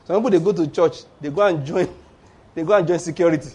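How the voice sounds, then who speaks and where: A man preaching a sermon, animated and acting out the voices of people in his stories. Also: a little high, fast, husky. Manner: animated, acts out voices of Satan and church members.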